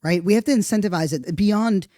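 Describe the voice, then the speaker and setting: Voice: medium pitch, fairly quick, mellow, no room sound, clean studio sound. A podcast host giving a casual monologue, rambling and profane, thinking aloud and tagging points with "right?".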